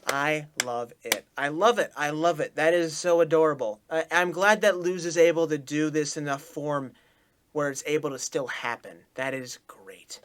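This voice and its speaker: A man's voice: a little high, normal speed, a bit bright, smooth. A man hosting a reaction video, talking casually and effusively, repeating his praise and stumbling into restarts. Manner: talks through restarts and stumbles.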